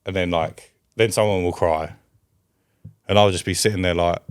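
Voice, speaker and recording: Deep-voiced man, dry banter. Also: fairly even intonation, moderate pace, clean tone. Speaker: podcast co-host. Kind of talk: casual podcast chat.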